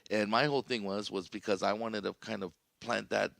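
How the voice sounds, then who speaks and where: A man's voice: lowish voice, steady tone, a little fast, vocal fry, a bit bright, dry recording. A man, a podcast guest, telling a long personal story in a casual, rambling way, full of "you know" and "right?". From Southern California.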